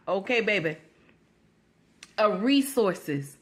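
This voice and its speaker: A woman's voice: fairly low pitch, expressive, a little slow, a bit bright. A woman hosting a commentary show, sarcastic and mocking, repeating her lines with rising emphasis. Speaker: host.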